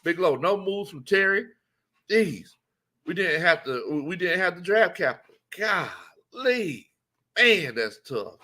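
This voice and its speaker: A man's voice: high voice, big pitch swings, takes it slowly, bright, forceful tone. A man hosting a casual sports talk stream, laughing often and greeting viewers by name. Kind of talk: casual live-stream chat.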